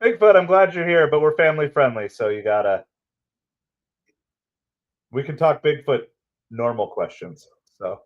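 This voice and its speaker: A man's voice: a little high, expressive, normal speed, long pauses, narrow, tinny audio. A man hosting a live baseball watch-party stream, chatting casually with viewers in an upbeat way and laughing often. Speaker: livestream host and baseball commentator.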